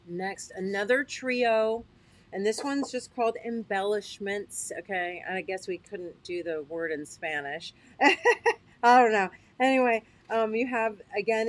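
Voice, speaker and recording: A woman hosting a casual livestream, chatty and upbeat, who often checks in with her listeners and laughs at herself. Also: medium pitch. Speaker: host. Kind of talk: casual livestream product demo.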